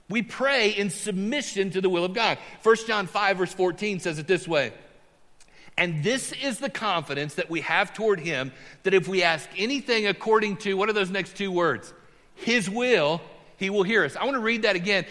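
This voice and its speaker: A middle-aged male pastor delivers an animated sermon. His voice sits high and sounds bright and forceful. It rings out with the long reverb of a church sanctuary. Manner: animated preaching, voice rising for emphasis.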